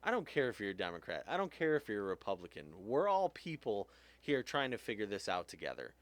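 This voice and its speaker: Low-voiced man ranting heatedly. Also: wildly swooping pitch, a little fast, dry recording. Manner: heated, swears often, pitch jumps when angry. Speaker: podcast host. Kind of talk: impassioned rant.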